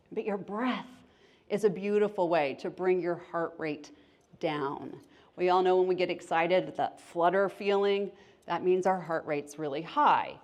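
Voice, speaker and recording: A woman's voice: lowish voice, dull audio. A woman, a therapist and life coach, giving an educational talk, asking the audience questions and acting out little voices.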